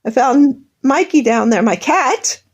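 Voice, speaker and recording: Middle-aged lady ranting at her family, bitter, teary, kinda high voice, all over the place. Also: lively intonation, a little slow, husky, highs cut off. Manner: bitter, accusing, rambling, voice breaking into tears. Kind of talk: emotional monologue.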